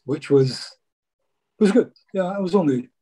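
Middle-aged man, ex-footballer guest, husky and dark, chatty yarn-teller. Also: fairly high pitch, animated, measured pace. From Scotland. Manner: chatty, peppers speech with "mate". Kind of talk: casual interview storytelling.

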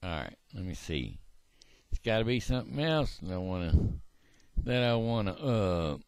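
A man with a drawl talks loosely and quickly on his home vlog, his speaking voice dropping low between tunes. The voice is clear and smooth. The sound is close and dry, with no room echo. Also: big pitch swings. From Missouri. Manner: sings slow old country songs unaccompanied, then chats quickly and low between them. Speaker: vlogger. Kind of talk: casual singing vlog.

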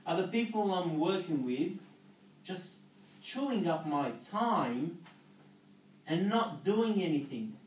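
A man's voice: sits high, lively intonation, takes it slowly, long pauses, a little hiss or hum. A man giving a motivational business talk to an audience, coaching and checking in with short questions. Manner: coaching, checks in with "okay?" and "yeah?". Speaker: network marketing speaker. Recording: echoey room, voice from far off.

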